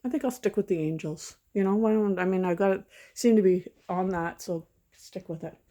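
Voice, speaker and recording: A woman's voice: mid-range voice, fairly quick, dark tone. A middle-aged woman chatting casually at home in a rambling, sentimental vlog. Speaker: vlogger. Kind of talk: casual chat.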